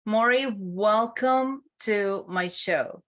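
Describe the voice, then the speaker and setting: A woman hosting a podcast, giving a formal, deliberate introduction of her guest and interviewing him. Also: mid-range voice, fairly bright tone. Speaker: podcast host.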